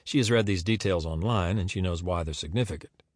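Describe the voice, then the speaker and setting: A man narrating a novel in a measured storytelling delivery. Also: sits low, no echo, studio quality. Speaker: audiobook narrator. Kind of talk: scripted narration.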